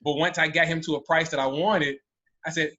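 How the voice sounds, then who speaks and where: Panelist, American man, animated storyteller, tense bright tone, muffled recording. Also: a little high, brisk. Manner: animated, with many restarts. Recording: dull lo-fi audio.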